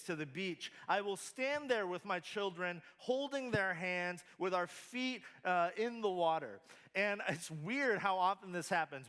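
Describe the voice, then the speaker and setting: A man's voice: sits high, fairly bright tone. A man giving a sermon as a pastor, talking in a loose, conversational way with many filler words and turning emphatic at key points.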